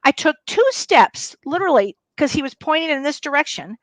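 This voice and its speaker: A middle-aged woman co-hosting a talk show, telling a personal story in a lively, animated way. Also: sits high, a little fast, no echo, low-quality recording. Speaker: co-host. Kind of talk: casual chat, personal storytelling.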